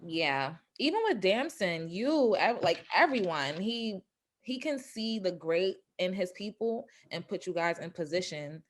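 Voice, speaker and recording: A woman from New York interviewing a guest, chatty and quick to laugh. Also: lowish voice, animated. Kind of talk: casual interview chat.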